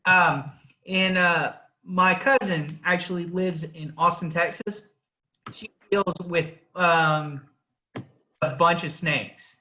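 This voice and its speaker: A man's voice: a little high, fairly even intonation, slow, sharp tone, rough recording. A man telling a short anecdote in a casual group video call, hesitant with fillers.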